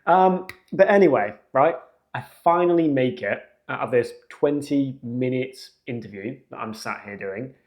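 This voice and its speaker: A young man, hosting a podcast and telling a story in a casual, animated, slangy way. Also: mid-range voice, unhurried. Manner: animated, slangy, jumps into acted quotes. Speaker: podcast host.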